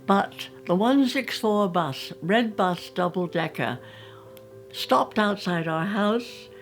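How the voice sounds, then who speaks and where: A woman's voice: mid-range voice, expressive, slow pace, faint music behind. An older woman with an English accent, reminiscing about her school days and acting out little scenes as she tells them. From England. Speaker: storyteller. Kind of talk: recounting childhood memories.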